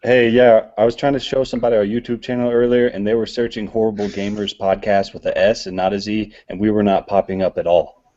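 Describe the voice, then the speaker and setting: Low-voiced man co-hosting a podcast. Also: level tone, quick pace, warm tone, muffled recording. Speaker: podcast co-host. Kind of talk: casual gaming podcast chat.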